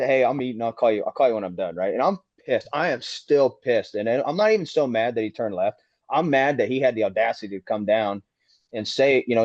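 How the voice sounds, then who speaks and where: A race car driver, appearing as a podcast guest, tells the host a long, swear-filled story and acts out its heated quotes. His mid-range, slightly mellow voice comes through dull and lo-fi in a dry room with no echo.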